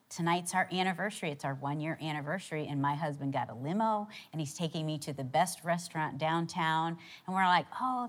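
Middle-aged female co-host, earnest storyteller, lower voice. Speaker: co-host, Bible study leader. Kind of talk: casual marriage talk.

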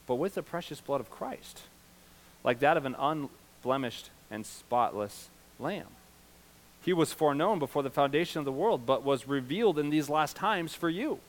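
A middle-aged male pastor preaching a sermon, swinging from loud, emphatic peaks to low, confiding asides. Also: expressive, normal speed.

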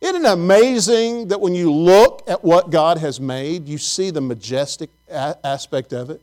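A middle-aged pastor with a notably high voice for a man, preaching in a homey, conversational way. He tells stories and talks straight to his congregation. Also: normal speed, a little mellow. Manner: folksy, storytelling, chatty with the congregation. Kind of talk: sermon.

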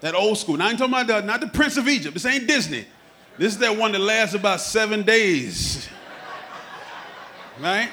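A man preaching a sermon, humorous and animated, acting out quotes as he teaches. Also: high voice, a little fast.

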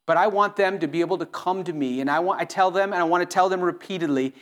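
A middle-aged man preaches to his congregation, earnest and pleading. His voice sits a little high for a man. He often breaks off and restarts his sentences as he presses his point. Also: quick pace, hardly any pauses, fairly bright tone. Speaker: pastor. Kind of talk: sermon.

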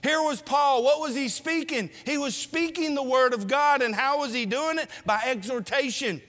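Male preacher, very high, bright, forceful voice, lively exhortation, long hall echo. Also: moderate pace. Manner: animated, exhorting the congregation with rhetorical questions. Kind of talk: sermon.

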